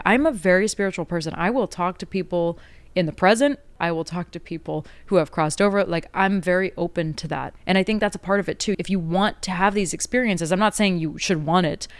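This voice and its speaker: A woman hosting her own podcast, rambling along in a chatty, casual way and often correcting herself mid-sentence. Her voice sits a little low and sounds smooth and resonant. It is recorded close and dry, with no room sound. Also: fairly quick, dry recording. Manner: chatty, rambling, heavy on "like", frequent self-corrections. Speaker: podcast host. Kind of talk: casual spiritual monologue.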